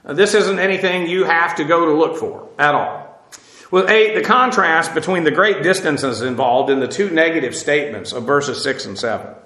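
A man teaching a verse-by-verse Bible lesson, talking off the cuff with many fillers and restarts, slowing down to explain Hebrew and Greek words. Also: on the high side, pushed and bright, echoey room, low-quality recording. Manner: explanatory, slows to spell out Hebrew and Greek terms.

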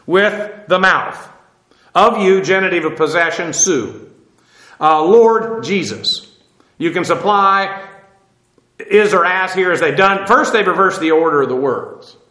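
A man teaching a verse-by-verse Bible study, parsing Greek grammar with frequent pauses and "uh" as he explains. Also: sits high, bright, forceful tone, roomy sound. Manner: explanatory, stops often with "uh" to parse grammar.

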